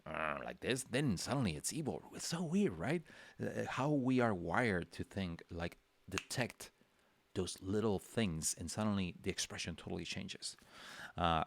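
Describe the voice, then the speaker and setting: Man, deep gravelly voice, laid-back drawing teacher on a livestream, full of ums and restarts. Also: no echo. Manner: relaxed, thinking aloud with many fillers and restarts. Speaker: drawing instructor. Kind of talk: casual livestream drawing lesson.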